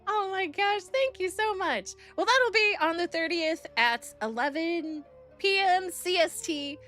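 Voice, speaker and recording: A young woman streams to her chat in a high, bright voice. She is bubbly and excitable and swoops up and down in pitch as she greets people, with soft music playing behind her. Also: measured pace. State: nervous and excited.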